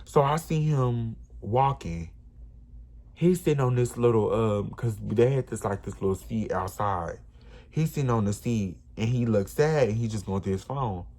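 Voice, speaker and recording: A man casually telling a personal story, animated and emphatic, often repeating himself. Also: on the low side, normal speed. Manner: animated, repetitive, emphatic retelling.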